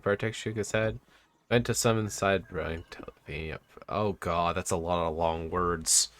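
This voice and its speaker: A man with a low voice reads a narrative game aloud for his stream. He stumbles over words and stops to comment as he goes. Soft music plays faintly behind him. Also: steady tone. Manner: halting reading with stumbles and asides.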